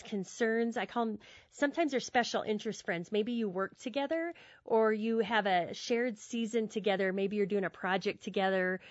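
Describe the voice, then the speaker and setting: A woman talking earnestly and warmly in a casual conversational teaching style, often repeating words as she thinks. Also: mid-range voice, dry recording. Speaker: guest speaker on friendship. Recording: dull dry podcast audio.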